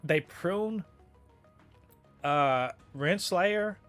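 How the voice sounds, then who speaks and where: A man's voice: sits high, expressive, drawn-out words, fairly bright tone, faint music behind. A man co-hosting a casual review podcast, talking animatedly and profanely, laughing often and exclaiming in disbelief. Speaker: podcast co-host reviewing a TV episode.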